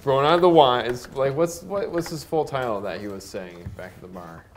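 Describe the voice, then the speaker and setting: A woman joking quickly as a player in a tabletop game. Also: a bass voice, sing-song, darkish tone, slight background noise. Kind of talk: casual tabletop play.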